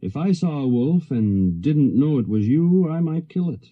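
A man's voice: fairly high pitch, animated, narrow, tinny audio, voice pushed up. A man voicing a wary, cautious hunter in an old radio story. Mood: guarded. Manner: measured, guarded. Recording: fuzzy 1970s radio recording.

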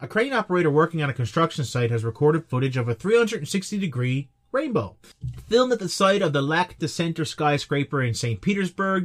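A man with a slightly high, somewhat bright voice hosts an online paranormal news roundup. He jokes around and makes playful asides to his viewers.

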